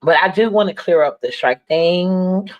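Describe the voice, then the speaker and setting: A woman's voice: lowish voice, a little slow, highs cut off. A woman hosting a live stream, chatting loosely and rambling as she wraps up. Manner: rambling, loose and wrapping up, with fillers. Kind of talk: casual chat.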